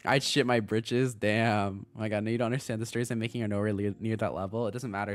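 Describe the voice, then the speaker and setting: A young man chatting casually on a livestream as a VTuber streamer, excitable, laughing often and swearing freely. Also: fairly low pitch, quick pace, dry recording.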